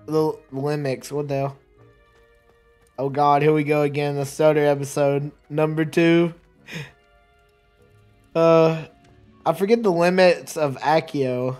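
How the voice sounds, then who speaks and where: Chatty higher-voiced man gaming. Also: fairly even intonation, takes it slowly, pauses often, darkish tone. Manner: rambling, chatty, laughs often, trips over words. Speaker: let's play streamer. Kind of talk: casual gameplay commentary. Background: faint game music.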